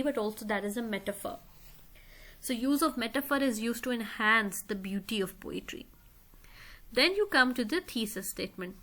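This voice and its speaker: A fairly high-voiced woman teaching a recorded English lesson on how to analyze poetry. She explains each step in turn and keeps checking that her students follow along. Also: a bit bright.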